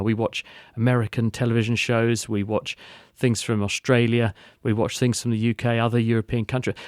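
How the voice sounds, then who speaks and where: A man's voice: mid-range voice, darkish tone, dry recording, studio quality. A man hosting a science podcast, explaining in a string of rhetorical questions and answers.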